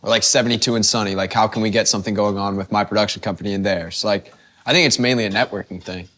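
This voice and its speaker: A man's voice: lowish voice, fairly even intonation, racing, a bit bright. A young man in his twenties, a guest chatting in an easygoing way, full of filler words. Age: 20s. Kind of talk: casual chat.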